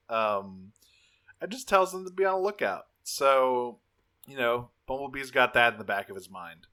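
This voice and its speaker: Bright-voiced swearing podcast man. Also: mid-range voice, animated, moderate pace. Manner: profane, rambling storyteller. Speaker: podcast co-host. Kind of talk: casual episode recap chat.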